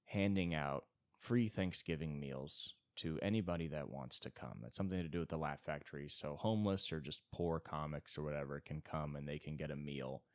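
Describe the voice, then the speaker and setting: Young man, deep voice, wildly lively pitch, rambling comic monologue, dry close sound. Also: no room sound. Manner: rambling, self-deprecating, swings into sudden high-pitched bits. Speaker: podcast host. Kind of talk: solo comedic monologue.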